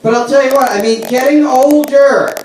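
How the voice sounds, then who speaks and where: Loud brash New comedian. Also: male voice, very high voice, moderate pace, a little hiss or hum. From the Bronx, New York. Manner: loud, brash, animated storytelling to a crowd. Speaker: stand-up comedian. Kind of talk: stand-up comedy set. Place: brewery stage with a live audience. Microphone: handheld microphone. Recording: echoey room recorded from far off.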